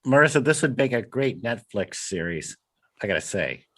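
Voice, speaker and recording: A man's voice: medium pitch, very animated, normal speed, a bit bright. A man co-hosting an interview podcast, chatting casually with hesitant, self-deprecating jokes. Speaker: podcast co-host.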